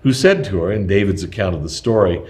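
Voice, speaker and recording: A man with a fairly low voice reads a prepared historical text aloud, measured and steady, with an occasional small stumble.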